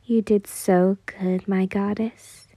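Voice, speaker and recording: A woman's voice: medium pitch, slow, mellow, no room sound. A woman voicing Zenitsu, an obsessive, possessive young man who swings between unhinged laughter and clingy whispering, in a fan fiction reading.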